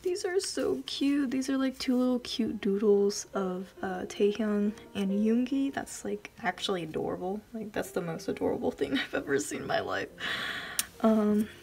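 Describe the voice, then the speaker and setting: A woman vlogger chatting casually as she unboxes a package, gushing and giggling, often dropping into soft whispers. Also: mid-range voice, lively intonation, normal speed, creaky.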